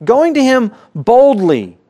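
High-voiced emphatic male preacher. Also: very animated, slow, warm tone. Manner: emphatic, rising on bold prayer quotes and dropping low for key points. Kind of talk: sermon.

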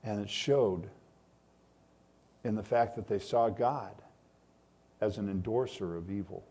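A man's voice: lowish voice, measured pace, long pauses, dark tone, slightly rough. A man preaching a sermon as pastor, speaking with rising emphasis and reading scripture aloud.

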